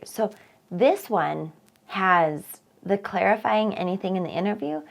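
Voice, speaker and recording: A woman with a lowish, gravelly voice leads a test-prep lesson. She reads each practice question aloud, then talks through why an answer works, often checking in with a quick "right?".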